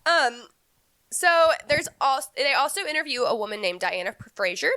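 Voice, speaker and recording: A woman's voice: high voice, very animated, moderate pace, pushed and bright, no room sound. A young woman in her twenties co-hosting a podcast, talking casually and frankly and laughing often. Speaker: podcast co-host.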